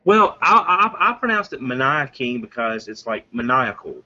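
A man's voice: fairly high pitch, sing-song, moderate pace, sharp tone, breathy edge. A man co-hosting a podcast in casual chat, enthusiastic and rambling, often restarting his sentences. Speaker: podcast co-host. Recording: muffled lo-fi audio.

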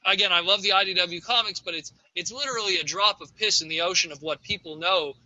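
A man's voice: high voice, fast talker, sharp tone, dry recording. A man in a casual group chat, opinionated and launching into long emphatic rants. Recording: dull lo-fi recording.

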